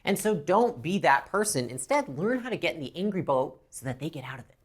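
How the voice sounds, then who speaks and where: Her voice sits low with a breathy edge, and she talks fairly quickly. Teaching business, she's blunt and drops casual curse words, animatedly playing out lines from customers and representatives at times.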